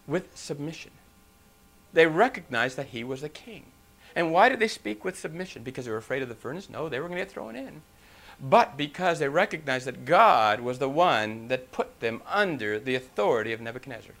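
Animated, bright-voiced male preacher. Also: on the high side, a little fast. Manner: reads scripture then explains it with acted-out quotes; loud and animated in places. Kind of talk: sermon.

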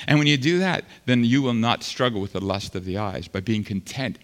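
A man preaching a sermon as pastor, swinging between loud fervent passages and quiet, earnest stretches. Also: mid-range voice, fairly quick, hardly any pauses. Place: large church sanctuary. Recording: long hall reverb.

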